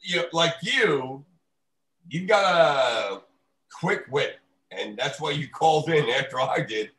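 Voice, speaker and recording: A man's voice: on the high side, lively intonation, slow, fairly bright tone. A man ranting profanely in a casual podcast chat. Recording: roomy echo.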